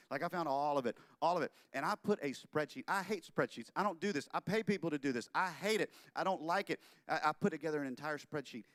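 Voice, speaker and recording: A man giving a humorous sermon talk in a chapel, animated and full of quick jokes and asides. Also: medium pitch, no room sound, studio quality. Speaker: chapel speaker.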